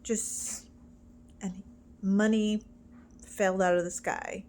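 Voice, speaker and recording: A woman casually telling a joke she heard, halting with fillers and restarts as she goes. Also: medium pitch, little pitch movement, darkish tone, a little hiss or hum. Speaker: storyteller.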